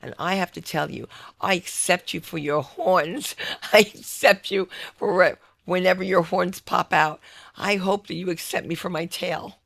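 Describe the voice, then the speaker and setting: A woman's voice: fairly low pitch, fairly even intonation, unhurried, vocal fry, a bit bright, heavily acted. A woman voicing a bold, flirty woman with a tail in an improv scene, teasing with a put-on New Jersey accent at a games venue.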